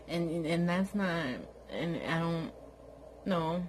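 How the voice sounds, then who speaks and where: A woman with a low voice rants casually and sarcastically to the camera. She sounds exasperated and talks as if lying in bed at home. A faint background hiss sits under her voice. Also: fairly even intonation, takes it slowly, darkish tone, low-quality recording. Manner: exasperated, sarcastic, mocks others in high put-on voices. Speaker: vlogger.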